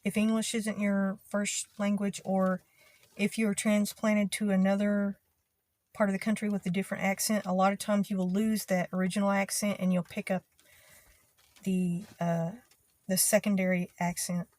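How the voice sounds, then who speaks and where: A young woman from Texas with a Texas twang, talking casually to her channel in an easygoing, rambling way with many pauses and ums. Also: mid-range voice, level tone, darkish tone, no echo. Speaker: video creator. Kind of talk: casual talk to camera.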